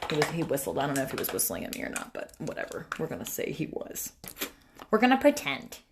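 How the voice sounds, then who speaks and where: A chatty young woman hosts a casual makeup tutorial over a phone livestream, talking to her viewers and to family nearby as she works. Her voice sits a little low for a woman. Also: huge pitch swings, quick pace, creaky, background noise. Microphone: phone camera.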